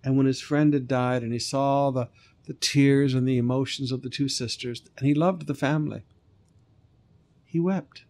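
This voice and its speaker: A man's voice: medium pitch, fairly even intonation, moderate pace, darkish tone. A man preaching a sermon, retelling a scripture story, stressing key lines and sometimes singing short phrases. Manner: preaching with rising emphasis, breaks into sung lines. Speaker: pastor.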